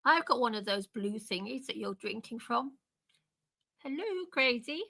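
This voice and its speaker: Raspy, bright older woman. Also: on the high side, moderate pace. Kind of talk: casual chat.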